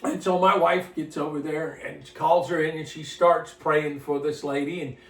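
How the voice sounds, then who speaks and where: High-voiced minister telling a story. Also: male voice, fairly even intonation, normal speed, distant mic. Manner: folksy, rambling, repeats words. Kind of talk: casual storytelling to camera. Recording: roomy sound from off-mic.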